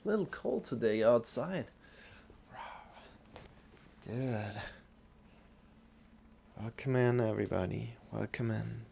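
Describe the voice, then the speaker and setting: A man teaching a live-streamed yoga class, talking in an unhurried, reflective way and greeting viewers by name, with slightly non-native phrasing. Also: mid-range voice, lively intonation, creaky, darkish tone, a little hiss or hum.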